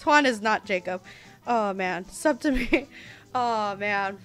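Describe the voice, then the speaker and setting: A woman's voice: mid-range voice, lively intonation, slow, soft background music. A young woman with a Southern US accent, chatting and giggling casually through a live game stream. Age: young adult. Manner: chatty, giggly, easily sidetracked.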